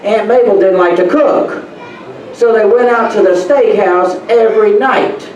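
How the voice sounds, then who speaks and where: A man giving a motivational real estate talk to an audience, telling animated stories from his own life. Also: sits high, unhurried. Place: meeting room. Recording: roomy, distant, faint room noise.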